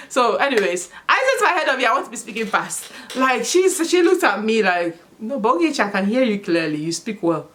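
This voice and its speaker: A woman from Africa giving casual school advice as a vlogger, telling stories with frequent bursts of laughter, outdoors in the sun. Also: fairly high pitch. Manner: animated storytelling with frequent laughter. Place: outdoors in sunlight.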